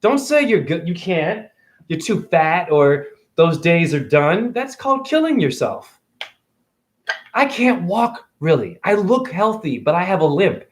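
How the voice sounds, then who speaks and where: A man's voice: high voice, sing-song, measured pace. A man in his forties preaching and ranting to his audience on a phone livestream, combative and swearing, often firing questions at viewers. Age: 40s. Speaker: livestream host. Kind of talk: rambling livestream monologue.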